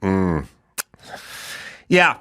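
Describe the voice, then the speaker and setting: An American man hosts a casual podcast conversation, letting his stories unfold slowly. His voice has a bright, forward edge, and he laughs easily between thoughts. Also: sits low, sing-song, smooth. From San Fernando Valley, California. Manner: laid-back storytelling, laughs easily. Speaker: podcast host. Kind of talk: casual chat.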